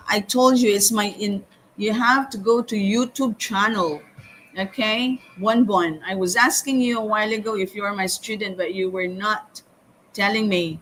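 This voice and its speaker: A woman teaching calculus step by step in a live lesson, often pausing with "okay" and "hang on". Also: medium pitch, fairly bright tone, a little hiss or hum, rough recording. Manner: slow, step-by-step explaining with frequent "okay" and "hang on". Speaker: math teacher.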